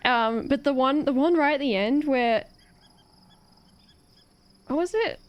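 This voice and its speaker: A woman's voice: sits high, a little slow. A woman streamer chatting casually while gaming, ranting animatedly with swearing and laughter.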